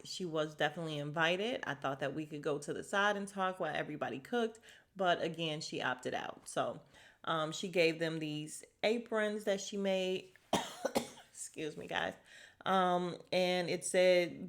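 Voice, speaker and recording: A young woman in a loose, gossipy recap, talking in a slightly low voice that jumps up high when she gets excited. She laughs a lot and keeps things chatty and informal. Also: measured pace. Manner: chatty and gossipy, laughs often, lively pitch swings. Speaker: podcast host recapping a reality show. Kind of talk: casual chat recap.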